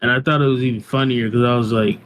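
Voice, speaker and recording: A man's voice: medium pitch, steady tone, fast talker, a bit bright. A man co-hosting a podcast in casual chat, blunt and laid-back, swearing casually. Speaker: podcast co-host.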